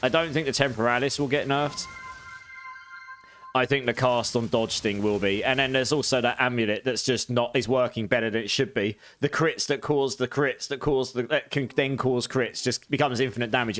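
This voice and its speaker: A man's voice: medium pitch, steady tone, normal speed, fairly bright tone. A man with a British accent, giving chatty, casual gameplay commentary and laughing often while talking to his chat. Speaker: game streamer.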